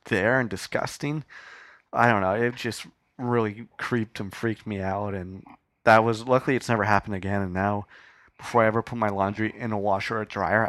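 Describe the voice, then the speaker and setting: A young man hosting his own podcast, talking in a loose, rambling and profane way with lots of fillers. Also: fairly low pitch. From Canada. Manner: shaken and hushed. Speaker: podcast host. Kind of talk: casual solo podcast monologue.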